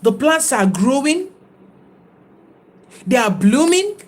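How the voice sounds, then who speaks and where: A woman's voice: sits high, big pitch swings, slow. Reflective woman livestreaming. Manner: reflective, preachy, greets viewers by name. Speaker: livestream host. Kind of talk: casual livestream talk.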